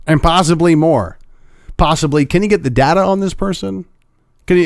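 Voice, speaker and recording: A man's voice: fairly high pitch, moderate pace, gravelly, no echo, clean studio sound. A young man giving opinionated, sarcastic video commentary as the host of his own channel. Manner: sarcastic, mocking. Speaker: political commentator.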